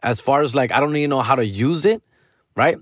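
With a mid-range voice and a brisk pace, a podcast host in his 40s delivers a casual, rambling monologue that's slangy and profane, constantly throwing in "fool" and "dog". The sound is clean studio quality with no room sound.

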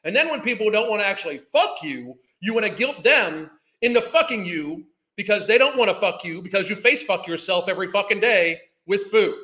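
A man's voice: sits high, expressive, brisk, few pauses, sharp tone. A man, ranting in a heated, profane, scornful way as a podcast host. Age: 50s. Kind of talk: ranting commentary.

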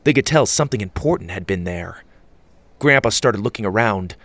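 A man reading a children's adventure story aloud, animated and expressive. His voice is gravelly and swings widely in pitch. The recording is close and dry. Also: moderate pace, no echo. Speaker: narrator.

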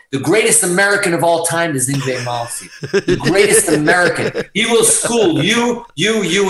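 Animated, cursing man in an echoey room. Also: fairly high pitch. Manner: animated, profane, rambling. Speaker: guitarist guest. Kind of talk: casual storytelling interview.

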